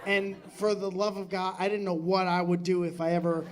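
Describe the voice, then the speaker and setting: A man's voice: high-pitched, monotone, fairly quick. A man doing stand-up crowd work, brash and profane as he jokes with the audience on a club stage. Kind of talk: live crowd-work banter. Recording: live club recording with loud crowd. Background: crowd laughter.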